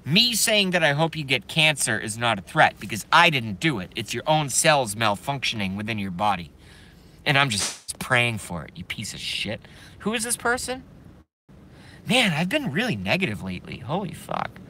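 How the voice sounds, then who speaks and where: A man hosting a live stream, ranting in a profane, heated way that swings between loud outbursts and muttering. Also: medium pitch, sing-song, normal speed, a little hiss or hum. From Boston, Massachusetts.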